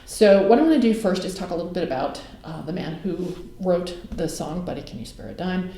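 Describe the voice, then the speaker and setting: A woman giving a casual video lecture from her home music room, relaxed and dotted with ums and uhs. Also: on the low side, fairly quick, slight background noise. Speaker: teacher. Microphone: camera mic. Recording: roomy echo of a home room.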